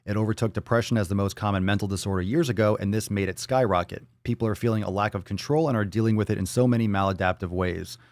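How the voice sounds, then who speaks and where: A man's voice: on the low side, fast, hardly any pauses, a little mellow, dry recording. A man hosting a casual live stream, reading viewer comments and talking in a loose, profane, joking way, now and then slipping into silly voices. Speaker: livestream host reading chat. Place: Florida.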